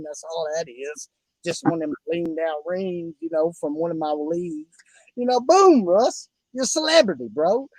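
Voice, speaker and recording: Effusive high-voiced Oklahoma country man. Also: expressive, moderate pace, darkish tone, no room sound, rough recording. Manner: folksy, effusive, keeps calling the listener buddy and brother. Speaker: podcast host. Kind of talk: casual fantasy football chat.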